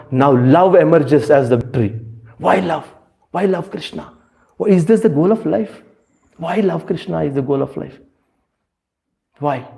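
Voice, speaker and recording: A spiritual speaker gives a devotional talk in a high, creaky, somewhat dark voice. He gropes for words, leaning on plenty of fillers, and poses rhetorical questions with rising emphasis.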